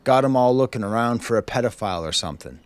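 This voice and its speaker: A man's voice: mid-range voice, expressive, fast talker, no echo. A man reviewing an album in a casual way at home, wry and chuckling, reading lyrics aloud. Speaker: music reviewer. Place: home with his dog.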